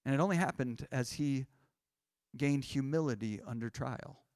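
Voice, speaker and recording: A man's voice: mid-range voice, normal speed, darkish tone, no echo, clean studio sound. A man who is a pastor preaching a sermon, building his points in rising, repeated phrases with frequent restarts. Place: church sanctuary.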